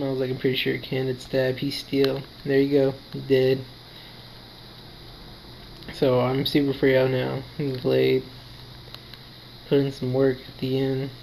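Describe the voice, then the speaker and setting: Tired male gamer narrating a battle in an even, mid-pitched voice, quick relaxed delivery. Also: gravelly, a little hiss or hum, low-quality recording. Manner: quick, relaxed play-by-play, quotes his own thoughts. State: tired, yawning. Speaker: gaming commentator. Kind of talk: casual battle commentary.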